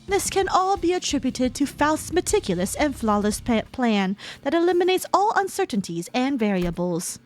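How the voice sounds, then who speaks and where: A woman voicing a proud, composed woman strategist who speaks formally and in a measured, matter-of-fact way. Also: high voice, very animated. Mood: smug.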